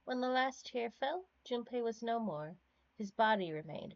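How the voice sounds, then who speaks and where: A woman streamer reads a game's narrative text aloud, slow and measured. Her voice is dry and close, with no room sound. The audio is a little dull and lo-fi. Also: medium pitch, dry recording. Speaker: streamer reading game text.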